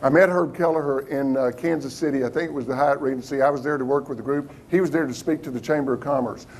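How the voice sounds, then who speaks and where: A man giving a motivational business talk to a live audience, lively and engaging, often putting questions to the room. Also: a little high, slight background noise. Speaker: keynote business speaker.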